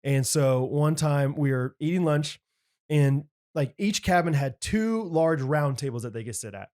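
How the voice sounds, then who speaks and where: A man in his thirties co-hosting a podcast, telling a camp story in casual chat and acting out the quotes loudly. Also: on the high side, measured pace. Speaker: podcast co-host.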